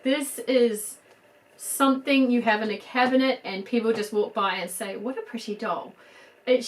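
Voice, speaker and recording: A middle-aged woman with a New Zealand accent, chatting casually as she dresses a doll, soft and gushing with murmured asides. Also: on the high side, rough recording. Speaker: doll collector. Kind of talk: casual show-and-tell chat.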